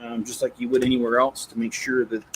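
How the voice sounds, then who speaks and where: A man's voice: medium pitch, little pitch movement, fast, slight background noise, low-quality recording. Rambling man chatting on a live stream. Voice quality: rambling, self-correcting, chuckles while reading. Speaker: Lego channel host. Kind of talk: casual live-stream chat.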